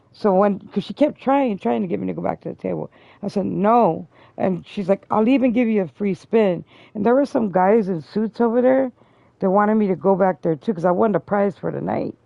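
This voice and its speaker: A woman's voice: a little fast, creaky, no room sound. A woman host telling a long story in casual chat, swearing freely. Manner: profane, loud and high when quoting people. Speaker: streamer host. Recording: dull lo-fi stream audio.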